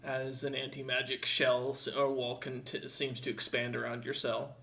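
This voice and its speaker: A man narrating a tabletop game as dungeon master, halting and restarting often. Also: medium pitch, monotone, bright, forceful tone. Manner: halting, with many fillers and restarts.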